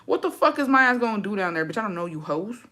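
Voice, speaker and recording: A woman's voice: medium pitch, very animated, fast talker, pushed and bright. A woman vlogger telling a storytime in a brash, profane, sassy way and calling viewers her besties. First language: English. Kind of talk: casual storytime chat.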